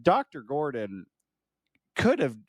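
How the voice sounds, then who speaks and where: A man co-hosts a relaxed movie podcast in an easygoing, agreeable way, often laughing between points. His voice sits at an ordinary middle pitch. The sound is dry and close to the mic. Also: takes it slowly, dry recording. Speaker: podcast co-host. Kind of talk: casual film discussion.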